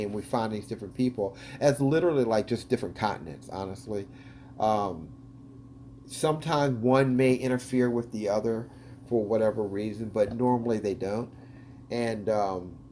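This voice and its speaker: A man's voice: medium pitch, a little mellow, a little hiss or hum. Chatty man narrating over footage. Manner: chatty, enthusiastic, many ums. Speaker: video host analyzing footage. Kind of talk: casual commentary over footage.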